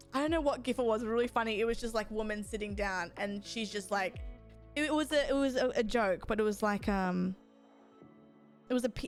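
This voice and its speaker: A young woman, chatting casually with her chat while gaming, rambling and swearing freely. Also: medium pitch. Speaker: streamer.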